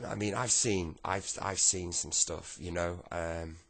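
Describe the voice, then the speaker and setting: A man's voice: deep voice, fairly even intonation, slow, a bit bright, exaggerated voice. A man playing a distraught seventy-two-year-old grandfather who stammers, sighs and keeps breaking off. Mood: shaken. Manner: stammering, sighing, breathless.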